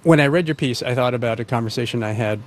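Man, radio host; steady mid-range voice, calm questions, slight background noise. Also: medium pitch, fast talker. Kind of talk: radio interview and show hosting.

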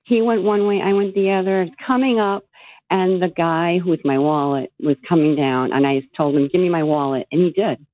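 A woman calling in to a radio show, telling her story in an animated, worked-up way. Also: fairly low pitch, normal speed. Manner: animated, still angry while retelling. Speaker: caller. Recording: tinny phone line.

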